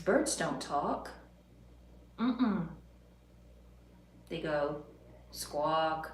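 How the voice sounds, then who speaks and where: A woman's voice: mid-range voice, big pitch swings, slow pace, slight background noise. Playful giggly woman chatting with her bird. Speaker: pet parrot owner and channel host. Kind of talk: casual chat with her pet bird. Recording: roomy echo.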